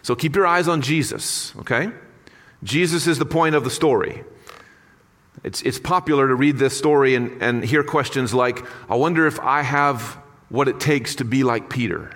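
A man's voice: mid-range voice, fairly bright tone, big-room sound. A man preaching a sermon in an earnest, conversational way with casual asides. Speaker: pastor.

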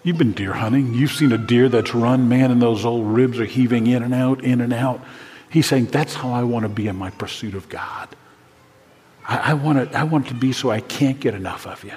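An older man preaching a sermon to fathers, earnest and dropping to a hushed voice when praying. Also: mid-range voice, brisk, big-room sound, a little hiss or hum. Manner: earnest, drops to a hushed voice for prayers. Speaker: pastor.

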